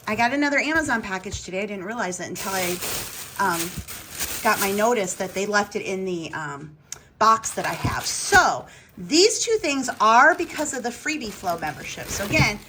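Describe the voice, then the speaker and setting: A woman's voice: a little high, noisy background. Chatty, rambling woman vlogger. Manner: rambling, chatty, thinking aloud. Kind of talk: casual home vlog chat. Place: home kitchen.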